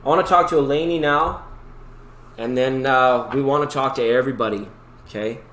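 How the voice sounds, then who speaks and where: A tarot reader hosts a live reading stream, chatting to viewers in a rambling, upbeat way and breaking into sung snippets. His medium-pitched, slightly bright voice moves fairly quickly, recorded in an echoey room with faint background noise.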